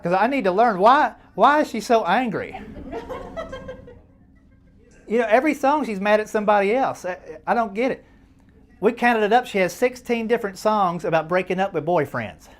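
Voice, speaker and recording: A man's voice: sits high, animated, moderate pace. A man doing stand-up comedy, folksy and self-deprecating, chatting with the crowd as he tells stories. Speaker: stand-up comedian at a charity dinner.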